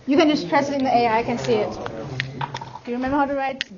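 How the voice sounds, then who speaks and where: A woman's voice: sits high, very animated, a little fast, a crowd in the background. A woman teaching a beginner language class, patiently modeling words for her students to repeat. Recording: dull audio, noisy classroom.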